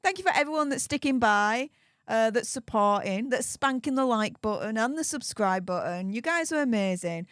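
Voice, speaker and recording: A woman's voice: fairly high pitch, expressive, moderate pace, a bit bright, dry recording, clean studio sound. A tired woman from the UK reading a book aloud on a live stream, chatty, with sarcastic asides. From United Kingdom. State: tired after hours of streaming. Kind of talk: casual live-stream commentary.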